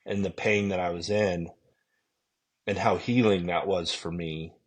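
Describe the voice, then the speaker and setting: A man speaking gently and reflectively in casual conversation, often trailing off. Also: sits low, fairly even intonation, measured pace, breathy edge.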